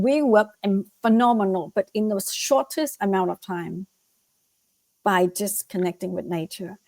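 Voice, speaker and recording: A middle-aged woman from Vietnam, a guest author and life coach, answering interview questions with animated, repeated motivational advice and acted-out quotes. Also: medium pitch, normal speed, no room sound, studio quality. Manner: animated, acts out quoted voices, repeats phrases for emphasis.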